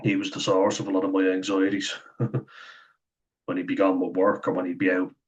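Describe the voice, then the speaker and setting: A man's voice: sits low, completely flat delivery, a little fast, rough recording. A young man talking candidly to camera, swearing freely, laughing often and acting out what other people said. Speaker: vlogger. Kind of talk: candid personal talk to camera.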